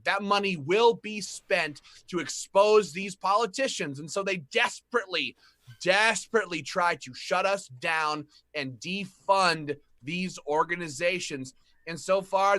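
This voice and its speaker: A man leading a gun rights group, talking passionately on a panel and rising to shouts. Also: sits high, no echo. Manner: fiery, rises to shouting. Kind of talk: impassioned panel talk.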